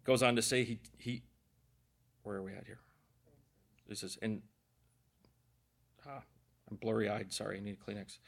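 A man's voice: on the low side, lively intonation, moderate pace, vocal fry, pauses often, fairly bright tone. A man preaching a conversational sermon, earnest and emotional, with self-deprecating asides. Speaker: pastor.

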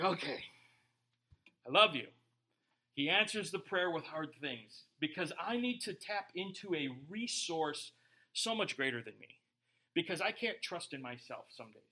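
A man preaching a sermon as a pastor, joking and talking to the congregation in a casual, animated way. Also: fairly high pitch.

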